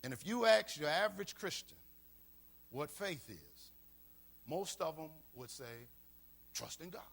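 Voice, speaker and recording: A man's voice: a little high, lively intonation, unhurried, vocal fry, a bit bright, breathy edge. A man pastor preaching a sermon, repeating key lines for emphasis. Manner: preaching with call-and-response emphasis and repetition.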